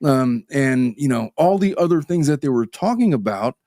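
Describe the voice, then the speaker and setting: A man's voice: medium pitch, animated, moderate pace, dark tone, no room sound, clean studio sound. A man hosting a legal podcast, talking conversationally and repeating words as he starts sentences. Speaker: podcast host.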